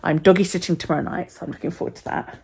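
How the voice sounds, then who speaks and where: A woman's voice: lowish voice, steady tone, very fast, darkish tone, slightly rough. A woman vlogging on her phone, rambling casually, sometimes swearing and often dropping to a near whisper. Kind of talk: casual chat. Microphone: phone held by the speaker.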